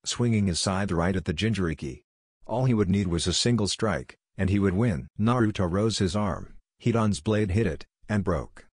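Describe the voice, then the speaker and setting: Deep-voiced man reading a story. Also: normal speed, breathy edge, no echo, studio quality. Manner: steady, descriptive reading. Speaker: narrator. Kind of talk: scripted story narration.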